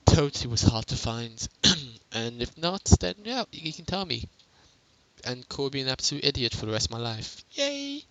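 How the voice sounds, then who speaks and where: Guy doing a casual game tutorial on a headset, quiet voice, jokey and self-mocking, mid-pitched. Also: moderate pace, slight background noise, poor audio. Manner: chatty and self-mocking, laughs often. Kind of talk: casual gameplay tutorial commentary.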